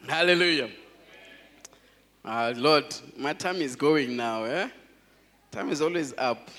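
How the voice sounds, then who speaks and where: A man, a pastor, preaching a sermon in an animated way, laughing often and calling out to his congregation. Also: medium pitch, slow, big-room sound.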